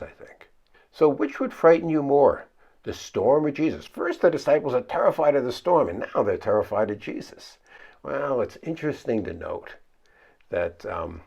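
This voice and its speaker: A man's voice: lowish voice, vocal fry, darkish tone, breathy edge. A man pastor giving a conversational Bible study sermon, thinking aloud, often restarting phrases and asking the listeners questions. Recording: dull lo-fi recording.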